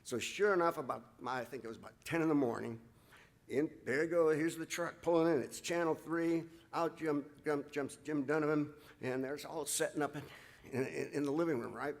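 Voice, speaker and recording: A man's voice: fairly high pitch, vocal fry. A man delivers a heartfelt ceremony speech to an audience. He is emotional, with his voice catching, and often stops to restart his sentences. He keeps calling the crowd folks. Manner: halting, with frequent restarts, addresses the crowd as folks. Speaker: ceremony speaker presenting an inductee.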